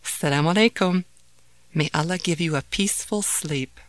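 A woman voicing a gentle, loving mother who soothes her son in a soft, patient way. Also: lowish voice, normal speed, no room sound, natural voice. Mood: tender.

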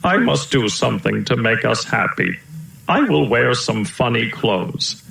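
A man voicing a gentle, kindly old male elephant who tells slow stories, in a roomy-sounding recording. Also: mid-range voice, lively intonation, creaky, exaggerated voice. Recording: roomy echo.

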